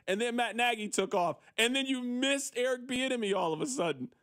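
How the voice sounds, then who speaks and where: A sports radio host, a man, talks fast and animated as he riffs on listener texts. His voice sits high for a man. The studio sound is close and dry. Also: no room sound.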